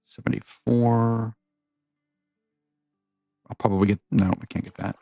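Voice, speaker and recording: A man's voice: mid-range voice, steady tone, a little slow, gravelly, dark tone, dry recording, soft background music. A man giving casual, rambling commentary over his game, often stopping to correct himself. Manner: rambling, self-correcting, chatty. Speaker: gaming vlogger.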